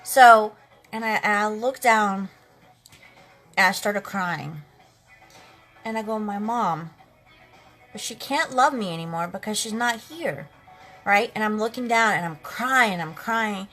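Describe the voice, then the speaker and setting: A woman's voice: mid-range voice, a little slow, long pauses, a bit bright, faint music behind. A woman in her late thirties on a makeup livestream, telling a personal story in an earnest, heartfelt way and speaking straight to her viewers. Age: late 30s. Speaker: makeup live streamer.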